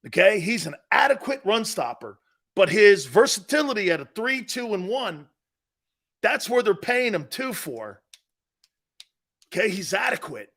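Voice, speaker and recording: A man's voice: sits high, very animated, unhurried, fairly bright tone. A man hosting a sports talk show, blunt and brash, trash-talking callers and hammering his points home with a repeated "Okay?".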